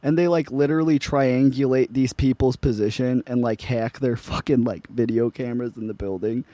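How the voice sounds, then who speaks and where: A man's voice: mid-range voice, steady tone, moderate pace, mellow, no echo. A man co-hosting a podcast, telling rambling, profane stories in casual chat. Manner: rambling, profane storytelling full of "like". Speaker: podcast co-host.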